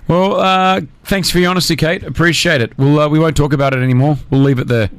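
Guy hosting morning radio, teasing everyone, kinda high voice, dry mic. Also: smooth, no echo. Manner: lively, teasing, quick to laugh. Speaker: radio show host. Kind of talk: breakfast radio banter.

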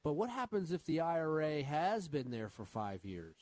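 A man's voice: fairly high pitch, very animated, normal speed, darkish tone, no echo. A man co-hosting a finance radio show as an advisor, patiently explaining retirement rules while quizzing his co-host. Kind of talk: radio call-in finance chat.

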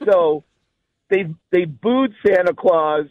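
Animated man telling comic stories. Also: sits high, takes it slowly, lo-fi sound. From New York. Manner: lively storyteller, voices the people in his anecdotes. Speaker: stand-up comedian, guest. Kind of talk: animated storytelling on a talk show.

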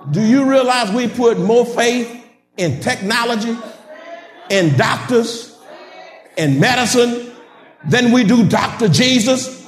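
A man preaching a sermon to a congregation, calling out to them with laughing asides and building to shouted, sing-song climaxes. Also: very high-pitched, takes it slowly, pauses often. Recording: echoey hall from a distance.

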